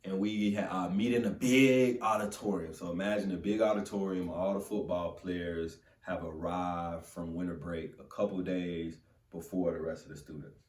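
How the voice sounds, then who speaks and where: A young man from Florida telling a motivational story in an animated, casual, conversational way. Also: deep voice, normal speed. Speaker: motivational speaker. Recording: roomy sound from a distant mic.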